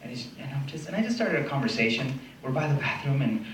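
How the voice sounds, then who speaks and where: A man from Mexico performing a stand-up comedy set, animated and profane, acting out voices of people in his stories. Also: mid-range voice, quick pace. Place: comedy club stage. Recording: roomy club sound from a distance, audience noise.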